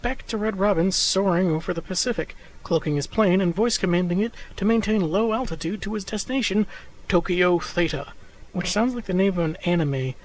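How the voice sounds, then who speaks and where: Higher-voiced man narrating with dry sarcasm. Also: fairly quick, poor audio. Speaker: comic book reviewer. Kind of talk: scripted narration.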